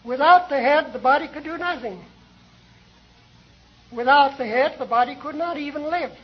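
A man preaching a sermon in a deliberate, measured way, pausing often between phrases. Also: very high voice, muffled recording. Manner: slow, deliberate, with many pauses.

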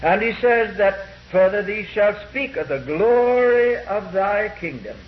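A man preaching a sermon, quoting scripture slowly and deliberately and pausing often with "uh". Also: high-pitched, lively intonation, muffled recording. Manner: slow and deliberate when quoting scripture, with frequent "uh" pauses.

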